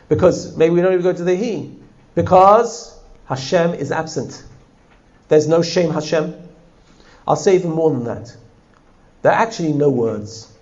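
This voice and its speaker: A man teaching a text study class, animated and often putting questions to his listeners. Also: a little high, lo-fi sound. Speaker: Torah teacher.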